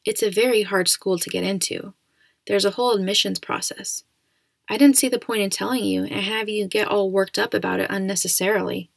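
A woman voicing a caring, practical mother in a storybook reading, gentle and reassuring. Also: medium pitch, fairly even intonation, a little fast, gravelly, dry recording, clean studio sound.

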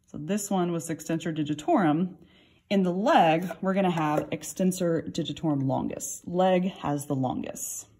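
A woman's voice: fairly low pitch, normal speed, dark tone, husky. A middle-aged woman anatomy instructor giving a recorded lab lesson, explaining patiently while turning a model.

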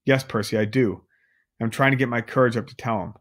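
A man voicing a gentle, worried mother who speaks softly and pleadingly. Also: medium pitch, fairly even intonation, brisk, close to an everyday voice. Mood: anxious.

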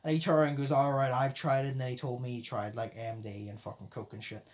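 A man hosting a podcast, telling a story in a casual chat, talking fast and loud and swearing often. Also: medium pitch, flat delivery. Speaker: podcast host.

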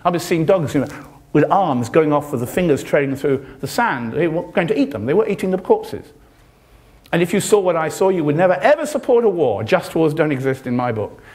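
Speaking in a sing-song, somewhat mellow voice at a fairly quick pace, an older British journalist lectures passionately in a university hall. With a British accent, he is sardonic and impassioned, and his pitch swings widely on stressed points.

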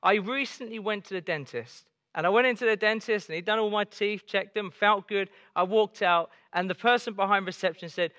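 Male pastor, middle-aged, high bright voice, storyteller with humor. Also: fairly quick, hardly any pauses, no room sound, studio quality. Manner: storytelling, jokey, shifting to earnest. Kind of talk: sermon with humorous stories. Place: church.

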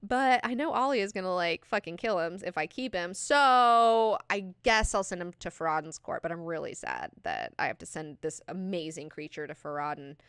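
A cool, cutting noble mother who delivers rebukes in a measured, lofty tone. A woman voices her close to her own voice. The sound is smooth, resonant and dry. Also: on the low side, very animated, a bit bright, no room sound. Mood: casual.

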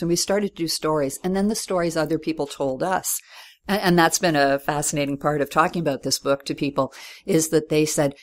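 A woman author speaking as a podcast guest, reflective and thoughtful, growing animated when she retells conversations. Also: low-pitched, fairly quick. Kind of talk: conversational interview.

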